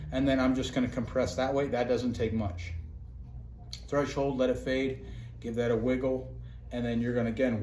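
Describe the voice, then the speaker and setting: A man giving a casual how-to demonstration of a self-massage tool, talking through each step as he works. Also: mid-range voice. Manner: relaxed, talks through each step as he works, calls the viewer buddy. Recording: echoey room with faint ambient noise.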